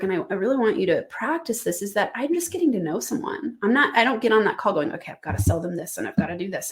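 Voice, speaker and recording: A woman hosting a motivational business podcast, talking straight to the listener in an upbeat, direct coaching manner. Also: mid-range voice.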